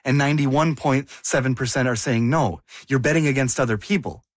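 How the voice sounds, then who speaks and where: A man's voice: medium pitch, brisk, dry recording. Man asking questions in dry sound. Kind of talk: conversational discussion.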